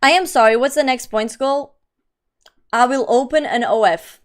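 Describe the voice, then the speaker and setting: A young woman hosts a live stream in casual, talkative chat, her voice sitting a little high. She reads her viewers' messages aloud and answers in quick, slangy bursts.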